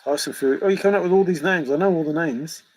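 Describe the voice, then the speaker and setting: A man's voice: fairly high pitch, rapid-fire, darkish tone, poor audio. A middle-aged man hosting a livestream, joking and laughing as he banters with viewers in the chat. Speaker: livestream host answering chat. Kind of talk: casual chat.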